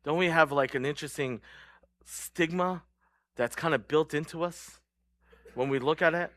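Young male pastor, relaxed joking sermon delivery, bright tone. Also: a little high, moderate pace, no echo. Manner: casual, joking, laughs often.

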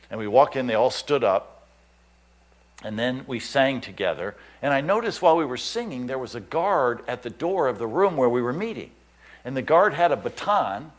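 A man preaching, telling a personal story in an animated, anecdotal way. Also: mid-range voice. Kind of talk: sermon storytelling.

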